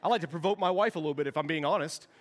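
A man's voice: fairly high pitch, rapid-fire, in a large hall. A man in his forties, a youth pastor, preaching a sermon in a joking, storytelling way and acting out bits of dialogue.

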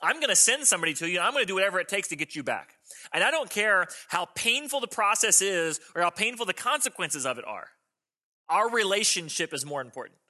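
A man voicing God as a persistent, loving figure, speaking earnestly and with emphasis, higher than his usual voice. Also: big pitch swings, quick pace, sharp tone, full character voice.

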